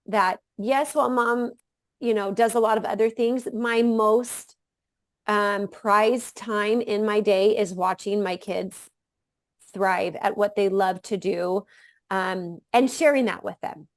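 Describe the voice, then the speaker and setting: A woman guest on a podcast who is a mother, talking in a loud, energetic way in casual conversation. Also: mid-range voice, takes it slowly, no room sound, studio quality.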